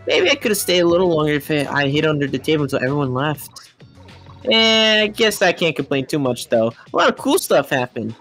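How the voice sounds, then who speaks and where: A woman's voice: low-pitched, sing-song, fairly quick, a bit bright, soft background music. A woman in a live fan dub voicing a cocky, goofy teenage boy, laid-back and jokey. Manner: laid-back and jokey, swears when rattled.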